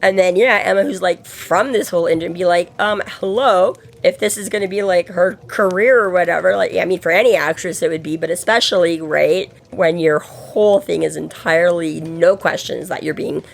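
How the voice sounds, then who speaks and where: A woman's voice: lowish voice, brisk, vocal fry, few pauses. A woman co-hosting a book podcast, rambling in casual chat and acting out characters' lines. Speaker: podcast co-host.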